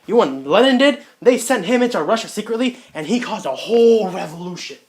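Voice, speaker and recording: High-voiced young man, slangy. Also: lively intonation, a little mellow, a little hiss or hum. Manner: slangy and jokey, voices countries in quick asides; rambling with restarts and self-corrections. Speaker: student presenter. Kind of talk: casual history summary.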